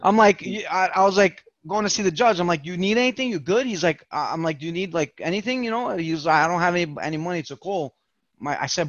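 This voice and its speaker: Talking fast in a high voice, a man appears as a podcast guest and narrates a long, profane story in casual talk, lively and acting out each quoted voice. The recording is dry and muffled.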